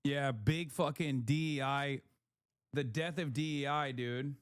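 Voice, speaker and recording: A man's voice: medium pitch, steady tone, a little slow, background noise. A man hosting a livestream, delivering heated, profane political commentary with blunt emphasis. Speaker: livestreamer host.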